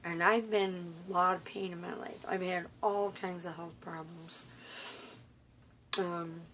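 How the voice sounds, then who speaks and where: A tired woman rambling in a personal vlog from a room at home, halting and confiding, full of fillers and restarts. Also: on the low side, noisy background. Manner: weary, confiding. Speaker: vlogger.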